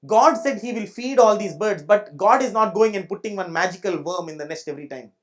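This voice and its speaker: A male pastor with an Indian English accent preaches in church in a high, expressive, fairly quick voice. He drives his points home emphatically, repeating them and constantly checking the congregation follows.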